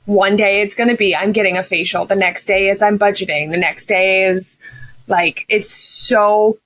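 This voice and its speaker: A woman co-hosting a casual podcast. Her voice sits at a middle pitch. She is chatty and animated, slipping into quick storytelling. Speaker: therapist co-host.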